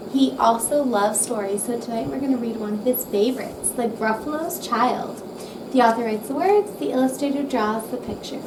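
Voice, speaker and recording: A woman calmly reading a rhyming children's picture book aloud. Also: on the high side, moderate pace. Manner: calm, gentle, rhythmic reading. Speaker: storybook reader. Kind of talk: bedtime story reading aloud. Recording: roomy, distant mic with background noise.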